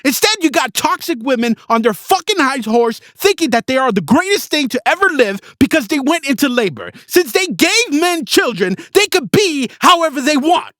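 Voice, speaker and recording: A man's voice: extremely high pitch, sing-song, moderate pace, hardly any pauses, pushed and bright, no echo, studio quality. A man hosting a podcast, ranting through a blunt, heavily profane monologue. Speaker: podcast host.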